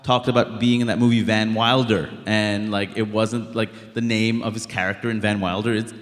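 A stand-up comedian from Queens, talking in an interview in an animated, emphatic way. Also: on the low side, moderate pace, long reverb tail. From Queens, New York. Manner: animated, emphatic, blunt, many "like" fillers. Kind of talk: conversational interview.

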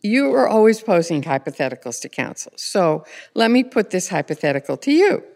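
A woman's voice: medium pitch, very animated, a little fast, darkish tone, long reverb tail. Woman asking long pointed questions. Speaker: legal affairs correspondent, interviewer. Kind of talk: probing interview questions.

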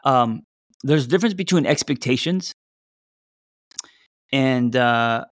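A middle-aged man talks through relationship advice in a loose, unscripted way. He stumbles, restarts and jokes at his own expense. His voice sits at a middle pitch and sounds close and dry. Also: expressive, takes it slowly, a bit bright, no echo. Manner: loose and conversational, many fillers and restarts, reading out audience replies. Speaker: podcast host. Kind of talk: casual relationship advice talk.

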